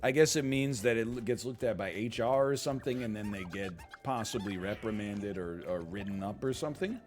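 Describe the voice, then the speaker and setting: A man's voice: fairly low pitch, a little fast, soft background music. A man reading out a post and then rambling through casual reaction commentary, full of fillers and asides. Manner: animated, rambling, frequent fillers and laughs.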